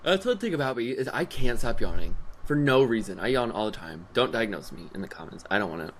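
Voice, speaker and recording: Young male co-host, lively pitch, rambling storyteller, casual podcast chat, faint hiss. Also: fast, rough recording.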